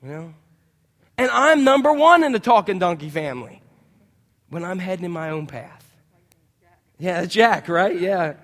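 High-voiced preacher guy, lively storytelling sermon, long echo in the church hall. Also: a little slow, pauses often. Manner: animated storytelling, acts out voices. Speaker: pastor.

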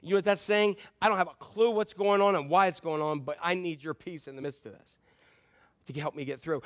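A man preaching a sermon in a conversational way, repeating key phrases and dropping frequent ums, moving between loud emphatic lines and quiet low asides. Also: fairly even intonation, brisk. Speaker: pastor.

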